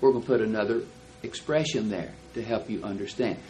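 A man teaching a Bible class, explaining verses and reading them out slowly and deliberately. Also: on the low side, darkish tone, slight background noise, rough recording.

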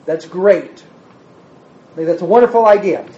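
A man's voice: sits high, normal speed, dark tone, lo-fi sound. A man preaching a sermon, emphatic, firing rhetorical questions at the congregation and answering them himself.

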